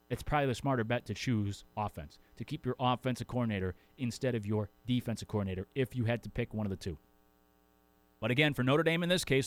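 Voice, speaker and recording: A man's voice: mid-range voice, dry recording. A man hosting a sports talk radio show, chatty and opinionated, talking into a studio microphone.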